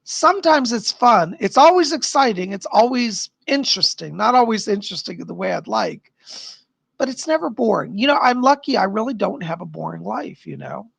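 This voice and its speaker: A tired middle-aged man with a raspy, worn voice, chatting upbeat with viewers as a psychic livestream host. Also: sits high, sing-song, moderate pace, a bit bright, no echo. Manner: chatty, upbeat, answers chat questions. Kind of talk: casual live-stream chat.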